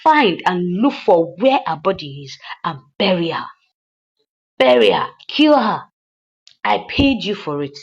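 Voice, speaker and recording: A woman voicing a furious rich woman who orders a killing, loud and repeating her demands. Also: lowish voice, big pitch swings, a little slow, creaky, slightly rough, dull audio, heavily acted.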